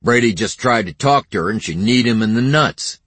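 A man's voice: lowish voice, animated, moderate pace, fairly bright tone, no room sound, voice pushed up. A man voicing a brawny, threatening ranch brother in an audiobook, growling insults and threats. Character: brawny young ranch brother, hostile bully.

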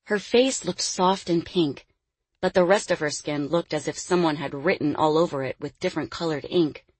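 A woman narrating an audiobook in a measured, expressive storytelling manner. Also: low-pitched, breathy edge, no room sound. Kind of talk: scripted narration.

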